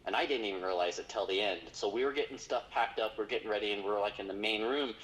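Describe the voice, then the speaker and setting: A man's voice: fairly low pitch, quick pace, few pauses, fairly bright tone, poor audio. A man, a paranormal investigator, telling a story in casual conversation, rambling with lots of fillers.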